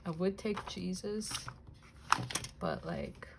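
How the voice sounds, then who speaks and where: A young woman chatting casually while cutting images from a magazine, rambling, laughing often, swearing lightly and now and then dropping to a soft whisper. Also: lowish voice, huge pitch swings, takes it slowly, very noisy. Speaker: crafting vlogger. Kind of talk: casual chatty crafting vlog.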